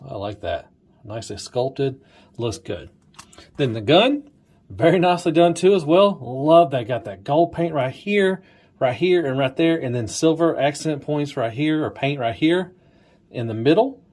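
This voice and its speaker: A man casually reviewing an action figure, pointing out details with enthusiasm and dropping to a hushed, admiring tone at times. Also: a little high, lively intonation, a little slow. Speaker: toy reviewer. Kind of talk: casual toy review walkthrough.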